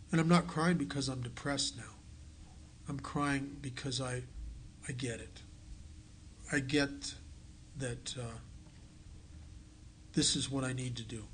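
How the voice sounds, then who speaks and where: A man's voice: mid-range voice, a little hiss or hum. Earnest man telling his recovery story. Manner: earnest storytelling, drops to a hush on key lines. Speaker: AA speaker. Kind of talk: recovery talk to a meeting. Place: meeting hall.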